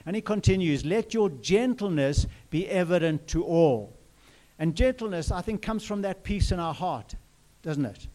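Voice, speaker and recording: A man's voice: high-pitched, animated, normal speed, mellow. A man preaching a sermon in an earnest way, repeating phrases and asking the listeners questions.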